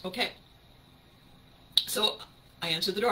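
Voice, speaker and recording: A woman hosting a podcast, telling a personal story in an animated way and often laughing as she speaks. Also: medium pitch, moderate pace, a little hiss or hum, rough recording. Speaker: podcast host.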